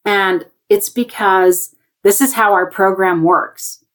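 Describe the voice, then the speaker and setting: A woman speaks as a panel guest over a video call. Her pitch sits in the middle, and she talks in an animated, chatty way. She slips into the voices of the people she quotes as she tells her story. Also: slow. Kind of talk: conversational storytelling.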